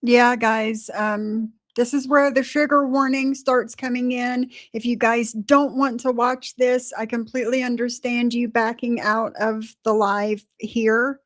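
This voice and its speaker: Slow-spoken woman giving stream commentary. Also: a little high, fairly even intonation, no echo, clean studio sound. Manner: measured, explaining to viewers. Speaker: reaction streamer. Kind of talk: live commentary.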